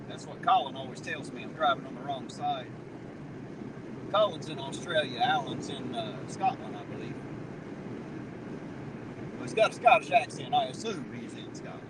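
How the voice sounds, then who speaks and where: A man with a Southern twang, chatting casually and profanely with his livestream viewers as he drives on the highway. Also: huge pitch swings, normal speed, long pauses. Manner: folksy, profane, joking with chat. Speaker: livestream host. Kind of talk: casual livestream chat while driving. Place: inside a car on the highway. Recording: loud road noise, mic off at a distance.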